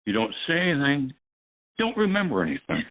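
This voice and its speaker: Over a tinny, phone-like line comes a gruff, stout little old Italian mob boss, as a man puts him on. He speaks with a thick Italian accent and growls blunt tough-guy warnings at a new driver. His delivery stays clipped and menacing. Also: medium pitch, huge pitch swings, a little fast, pitched above the performer's own voice. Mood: stern warning.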